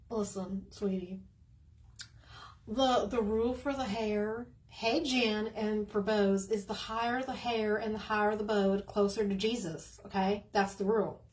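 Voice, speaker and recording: A woman's voice: medium pitch, a little mellow. A woman with a Southern US accent chatting casually on a livestream, teasing and drawling as she tosses out folksy sayings. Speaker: livestream host.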